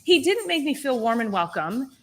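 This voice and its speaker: A woman's voice: sits high, normal speed. Indignant woman chiropractor telling a story. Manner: animated, indignant storytelling with many restarts. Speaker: chiropractor and podcast host. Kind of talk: casual podcast chat.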